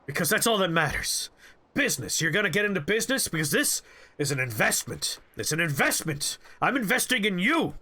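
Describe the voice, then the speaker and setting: A man voicing an angry, wired male boss who shouts and repeats himself while lecturing a student. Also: high voice, very animated, fairly quick, pitched above the performer's own voice, exaggerated voice. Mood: furious ranting.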